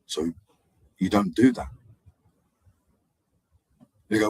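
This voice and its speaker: A man hosting a live stream, wandering from story to story in a low, husky voice. He acts out the people in his tales and jumps between loud and quiet. The sound is dry and close. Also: slow, pauses often, no room sound, rough recording. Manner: meandering storytelling with acted-out voices and sudden loudness swings. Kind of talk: rambling live-stream monologue.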